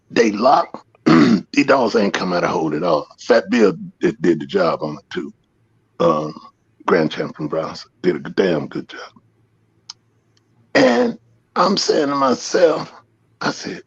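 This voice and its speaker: A man's voice: fairly low pitch, no echo. A man telling rambling, profane stories on a podcast and acting out what people said. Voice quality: gravelly, husky. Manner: profane, rambling, re-enacting quotes. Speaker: podcast storyteller. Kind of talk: casual storytelling. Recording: muffled dry sound.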